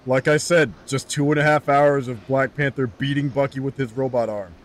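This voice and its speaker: A man's voice: mid-range voice, fairly even intonation, normal speed. A man co-hosting a casual fan podcast, joking and acting out silly lines. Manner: jokey, acts out silly quotes. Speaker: podcast co-host. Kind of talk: casual chat.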